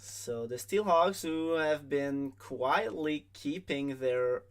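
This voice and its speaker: A man's voice: fairly high pitch, takes it slowly. A man hosting a live league draft stream, speaking in casual commentary with many ums and restarts. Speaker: draft broadcast host.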